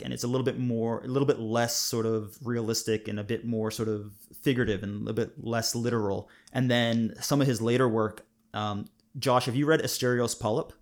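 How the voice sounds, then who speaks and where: A man co-hosting a casual podcast chat, talking with enthusiasm and laughing often. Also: medium pitch. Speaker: podcast co-host.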